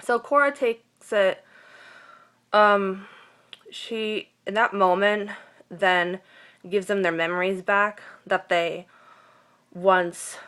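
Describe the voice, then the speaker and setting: A woman's voice: medium pitch, slow, pauses often, fairly bright tone, smooth. A woman giving a casual vlog recap of a TV episode, emotional and gushing, with many fillers and restarts. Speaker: TV recap vlogger.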